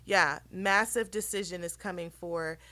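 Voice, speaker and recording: A woman hosting a casual tarot reading, chatty and rambling with many ums, her voice slightly hoarse. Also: lowish voice, steady tone, a little slow, pushed and bright. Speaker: tarot reader and channel host.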